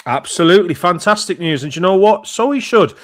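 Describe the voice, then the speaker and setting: A man's voice: sits high, animated, a little fast, fairly bright tone, dry recording. Podcast guy all fired up and rallying, dry close sound. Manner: enthusiastic, rallying. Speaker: podcast co-host. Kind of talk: political podcast chat.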